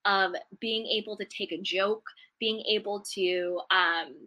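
This self-help video features a woman talking earnestly about gratitude and mindset, her mid-range voice bright and forceful. She repeats affirmations in a casual monologue and briefly acts out the voices of people who complain.

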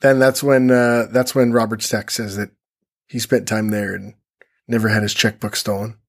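A man co-hosting a casual podcast, chiming in with quick remarks and chuckles. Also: lowish voice, flat delivery. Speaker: podcast co-host. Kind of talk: casual chat.

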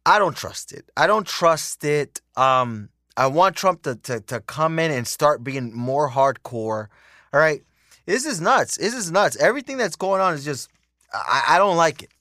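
A young man hosts his own show in a heated, profane rant, circling back over the same points. His voice sits a little high for a man. The sound is dry and close, with no room around it. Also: expressive, unhurried, bright, forceful tone, dry recording. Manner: heated, profane, repetitive ranting. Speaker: podcast host. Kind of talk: casual political rant.

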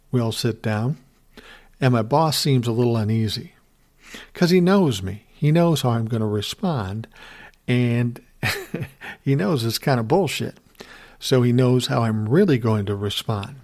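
A man's voice: medium pitch, expressive, unhurried, darkish tone. A middle-aged man telling a workplace story in a blunt, wry, casual way, chuckling now and then. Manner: blunt, wry, laughs through his story.

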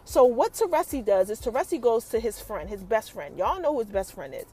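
A woman hosting a casual TV episode recap, telling the story with lively energy and talking straight to her listeners. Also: on the high side, brisk, breathy edge. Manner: animated storytelling, acts out characters' quotes, addresses listeners as y'all. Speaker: TV recap host.

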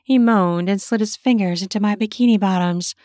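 A woman narrating her own erotic story in a slow, intimate way, slipping into whispers. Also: medium pitch, a little mellow, dry recording, clean studio sound.

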